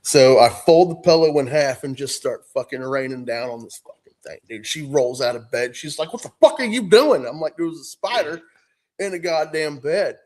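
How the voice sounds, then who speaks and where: A man's voice: mid-range voice, moderate pace, a little mellow. A middle-aged man on a podcast, telling a profane story in casual chat, often laughing. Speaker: podcast co-host.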